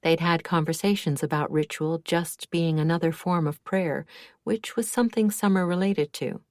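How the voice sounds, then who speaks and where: Low, measured woman narrator. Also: steady tone, a little mellow, dry recording, studio quality. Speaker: audiobook narrator. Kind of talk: scripted narration.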